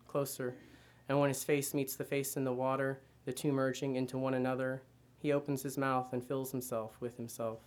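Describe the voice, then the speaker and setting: Guy reading a story out loud, flat steady voice, mid pitch, calm even pacing. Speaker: reader. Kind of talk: first-person literary reading.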